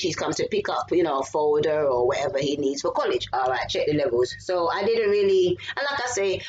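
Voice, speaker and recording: A middle-aged woman with a British accent, telling a personal story in a lively way, swearing and breaking into shouts. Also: mid-range voice, dull audio. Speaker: vlogger.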